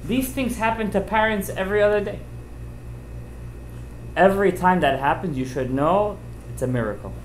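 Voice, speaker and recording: A man, a rabbi giving an informal sermon, telling stories with emphatic, animated delivery and sprinkling in Hebrew and Yiddish terms. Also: high voice, moderate pace, pauses often, a little hiss or hum. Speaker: rabbi giving a Torah class. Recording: roomy echoey room.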